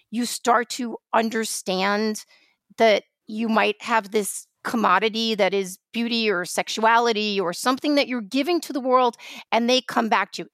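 A woman's voice: on the high side, dry recording, studio quality. A woman from New York co-hosting a podcast, telling a personal story in casual conversation with lots of restarts. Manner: storytelling, animated, many restarts. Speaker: podcast co-host.

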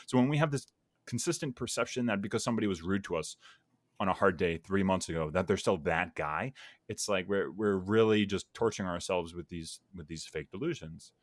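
A man's voice: low voice, a little fast, dry recording, studio quality. A man in casual podcast conversation, reflective and earnest, thinking aloud with many fillers. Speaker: podcast guest or host.

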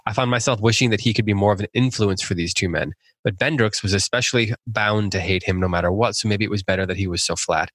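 A man hosting a casual book-club podcast, reading out listener questions in a relaxed, meandering way. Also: lowish voice, fast, hardly any pauses, husky, dry recording.

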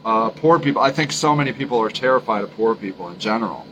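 A man's voice: lowish voice, expressive, a bit bright, slight background noise, low-quality recording. A man hosting a solo podcast, talking earnestly and emphatically, often repeating his points and restarting sentences. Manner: halting, frequent restarts. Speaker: podcast host.

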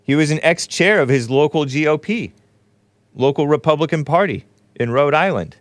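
A man's voice: fairly high pitch, animated, normal speed, dry recording. A man in his forties hosting a show, giving casual, wry commentary on news clips with sarcastic asides. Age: 40s. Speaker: host.

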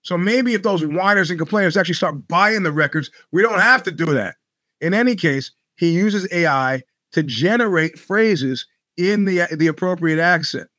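Bright-voiced, profane male podcast host. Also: high voice, expressive, moderate pace, no room sound, clean studio sound. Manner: profane, rambling, sardonic storytelling. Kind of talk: casual monologue.

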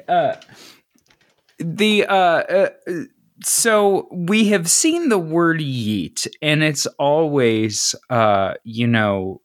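American guy rambling on a podcast, laughy, self-deprecating, super bouncy pitch. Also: animated, very slow, pauses often, dry recording, clean studio sound. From United States. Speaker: podcast co-host. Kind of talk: casual chat.

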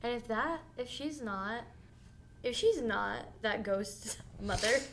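A young woman co-hosting a casual podcast, chatting in a relaxed way and laughing often. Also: a little high, takes it slowly, a little hiss or hum. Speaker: podcast co-host. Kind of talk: casual chat.

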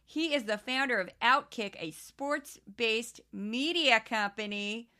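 A woman's voice: fairly high pitch, slow pace, pushed and bright. A woman doing an exaggerated Midwestern accent as a mock-earnest, folksy, drawling character.

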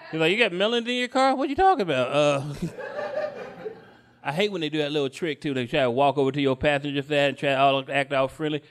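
A man performing live stand-up comedy, telling a long story with punchlines. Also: medium pitch. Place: comedy stage at a live show.

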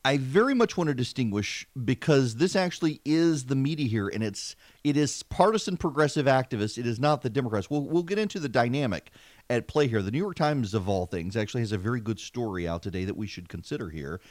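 A man's voice: medium pitch, expressive, a little fast, a little mellow, dry recording, studio quality. Southern man hosting a political talk show. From American South. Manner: conversational, repeats words when emphatic, wry asides. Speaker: podcast host. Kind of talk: political commentary podcast.

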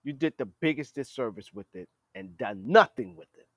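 A man's voice: medium pitch, lively intonation, moderate pace, a bit bright, no echo. A man hosting a podcast, giving a blunt political commentary monologue and scolding leaders directly as if they were listening. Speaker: podcast host.

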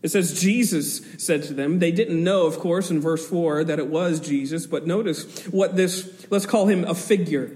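Man preacher, high voice with a long hall reverb, animated storyteller with chuckling asides, walks through scripture verse by verse. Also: moderate pace, few pauses. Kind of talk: expository sermon on scripture.

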